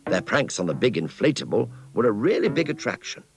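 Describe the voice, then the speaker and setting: A man narrating a children's story in an expressive, scripted storytelling manner. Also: mid-range voice, fairly quick, loud music behind the voice.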